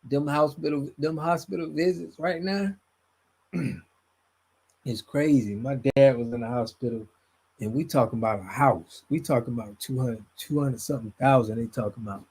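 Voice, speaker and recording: Man, live stream host, casual slangy commentary, mid-pitched voice, trailing mumbles. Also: moderate pace, darkish tone, breathy edge. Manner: loose slangy talk, drops to mumbles at phrase ends. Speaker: streamer host reading chat.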